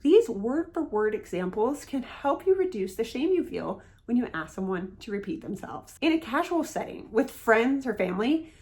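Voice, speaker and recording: A woman's voice: on the high side, very animated, normal speed, few pauses, a little mellow. A woman giving an encouraging instructional talk to camera about asking people to repeat themselves. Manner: earnest, encouraging, acts out sample phrases. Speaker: hearing-loss educator.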